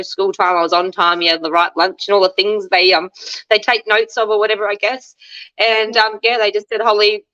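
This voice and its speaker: A woman's voice: medium pitch, sharp tone, dull audio. A woman in her thirties with an Australian accent, telling her story as an interview guest in a candid, chatty way. She acts out the dialogue she quotes.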